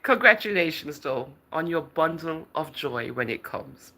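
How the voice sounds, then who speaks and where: Bright, lively woman on a livestream. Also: low-pitched, measured pace. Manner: chatty and teasing, often laughing, calls viewers darling and girl. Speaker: livestream host. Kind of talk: casual livestream chat, reading out viewer comments.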